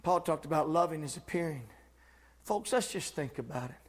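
A man's voice: on the high side, animated, a little fast. A man preaching a sermon with fervent, emphatic repetition.

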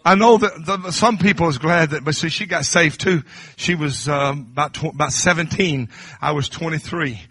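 A middle-aged man preaching a sermon, dropping to low confiding talk and then rising to high shouted crescendos. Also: normal speed, few pauses, slightly rough, dry recording.

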